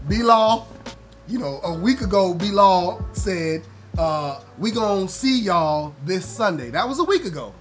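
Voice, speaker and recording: Man, vlog host, slightly high voice, teasing, faint music behind. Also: a little slow. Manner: loud trash-talking teasing, rising high when excited; relaxed and conversational when explaining. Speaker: vlogger host. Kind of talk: casual chat to the camera.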